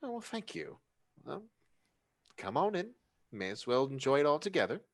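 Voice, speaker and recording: A man voicing an eerie, gracious woman who welcomes guests in a smooth, unhurried way. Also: a little high, big pitch swings, pitched above the performer's own voice. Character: eerie, gracious, pale-haired woman host.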